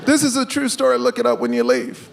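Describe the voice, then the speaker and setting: A man doing a stand-up comedy set, telling an animated story and acting out the people in it with big jumps in his voice. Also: extremely high pitch, fast talker, vocal fry. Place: comedy stage before a live audience. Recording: live stage mic with crowd laughter. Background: audience laughter.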